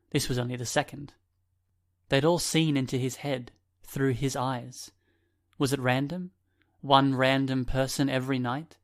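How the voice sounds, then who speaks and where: A medium-pitched man narrates an audiobook, reading his script in an even, measured style.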